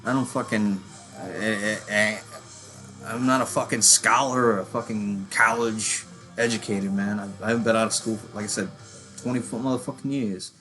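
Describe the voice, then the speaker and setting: A man's voice: on the low side, fairly even intonation, moderate pace, bright, forceful tone, faint music behind. A man in his thirties ranting casually about metal bands, profane and rambling, calling himself a working-class hillbilly. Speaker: metal channel host. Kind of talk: casual rant.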